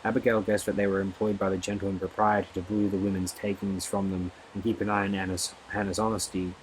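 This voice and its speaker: A man reading a novel aloud as an audiobook narrator, steady and expressive. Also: low-pitched, fast, slight background noise, rough recording.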